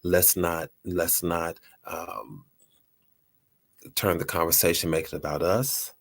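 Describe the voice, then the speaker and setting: A man's voice: deep voice, fairly even intonation, slow, vocal fry, fairly bright tone. A man hosting a motivational talk, earnest and repeating his phrases for emphasis. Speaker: host.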